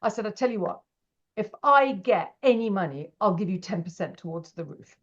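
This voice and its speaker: A middle-aged woman, a podcast guest telling stories in a lively, animated way and acting out quoted voices. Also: mid-range voice, moderate pace, dull audio. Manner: animated, acts out quoted voices, laughs often. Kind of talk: casual interview storytelling.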